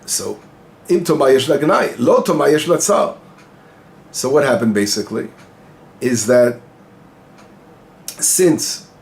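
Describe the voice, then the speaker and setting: A male rabbi giving an informal Torah lesson, explaining Hebrew phrases and translating them as he goes, asking questions and answering them himself. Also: a little high. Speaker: rabbi teaching the weekly Torah portion.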